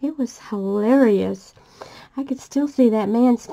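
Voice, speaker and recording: A woman's voice: a little high, unhurried, gravelly, dark tone. An older woman, chatting casually and laughing often as she tells family stories while crafting. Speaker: vlogger.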